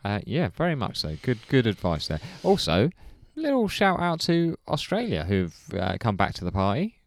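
A man's voice: mid-range voice, huge pitch swings, normal speed, no room sound. A man hosting a podcast in casual chat, laid-back, wry and amused. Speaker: podcast host.

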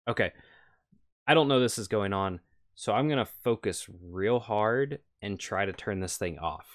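A man's voice: lowish voice, animated, normal speed. A man playing a tabletop game, casual and thinking aloud as he decides. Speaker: player. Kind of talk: tabletop role-play.

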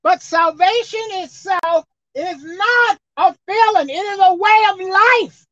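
A woman preacher delivering a sermon, swinging between loud emphatic outbursts and quiet asides. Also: very high-pitched, takes it slowly, dry recording. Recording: dull lo-fi dry sound.

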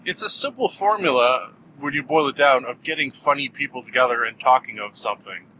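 A man hosting his own podcast, rambling goofily and mocking himself, with sudden loud bursts. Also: medium pitch, fairly quick, slight background noise, low-quality recording. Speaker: podcast host. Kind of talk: casual solo podcast monologue.

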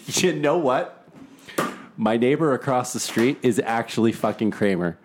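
A man with a very lively, swooping voice trades crude jokes in casual podcast banter. He laughs a lot and swears freely. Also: mid-range voice, unhurried, a little hiss or hum. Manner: crude, joking, laughs often.

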